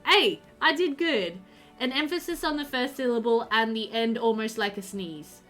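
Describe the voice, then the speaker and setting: Woman, game streamer, chatty and rambling, voice sitting a touch high, soft music under her. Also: lively intonation, unhurried. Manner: chatty, filler-heavy, answers chat while playing. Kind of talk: casual live-stream chat.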